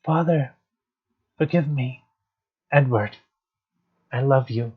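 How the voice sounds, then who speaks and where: A man reading the lines of a gentle young princess from a game, softly. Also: medium pitch, takes it slowly, husky. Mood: tender. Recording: dull lo-fi stream audio, faint guitar music.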